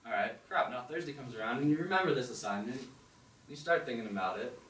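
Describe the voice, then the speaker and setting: A man's voice: mid-range voice, quick pace, a little hiss or hum. Young man telling a story in an echoey hall. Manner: animated second-person narration with acted-out inner voices. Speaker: open mic performer. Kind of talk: spoken storytelling on stage. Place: performance hall with audience. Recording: echoey hall, distant mic, faint ambience.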